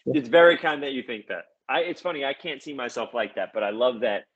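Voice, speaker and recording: An enthusiastic man talks as a podcast guest, quick to laugh and full of energy. His voice sits at a middle pitch for a man. The sound is a little dull and lo-fi. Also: slightly rough. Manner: animated, laughs often, enthusiastic. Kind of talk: casual chat.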